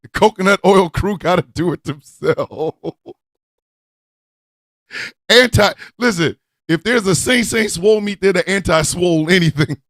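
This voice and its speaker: A man's voice: high-pitched, measured pace, a bit bright, no echo, studio quality. A man hosting an online radio show, ranting comically with profanity and constant cackling laughter. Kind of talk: loose comedic rant with chat.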